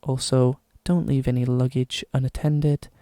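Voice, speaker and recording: A man putting on a slow, pompous posh announcer voice for comic readings. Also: medium pitch, completely flat delivery, dry recording, close to an everyday voice. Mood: mock-posh. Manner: slow, measured, overly formal.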